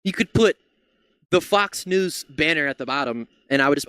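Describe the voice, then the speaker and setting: A man's voice: a little high, expressive, moderate pace, bright, forceful tone, clean tone, no room sound. A man streaming a political reaction, ranting heatedly with lots of swearing into a close mic. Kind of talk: livestream reaction rant.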